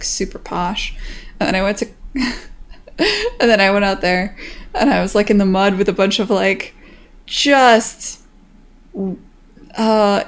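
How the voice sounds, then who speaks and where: A rambling, chatty American woman in her thirties, talking casually on a livestream. Her voice carries a gravelly, fried edge at a middling pitch, and she swears freely as she talks. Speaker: game developer streamer. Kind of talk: casual stream chat.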